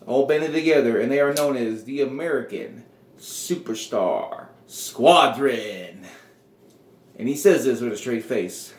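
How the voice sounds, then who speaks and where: A man's voice: mid-range voice, a little mellow. Man rambling through a story. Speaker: video host. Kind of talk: casual fantasy-booking storytelling. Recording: roomy echo.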